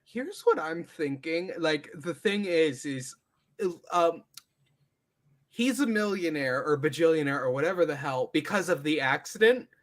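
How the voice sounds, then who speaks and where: Woman co-host, casual recap talk, lively swinging pitch, playful and jokey. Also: unhurried. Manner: playful, laughs often, jokey asides. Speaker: podcast co-host.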